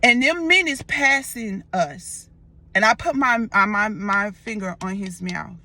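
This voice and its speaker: A young woman casually retelling a dream in a vlog, expressive and loose, full of slang and swearing. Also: medium pitch, a little slow. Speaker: storyteller vlogger.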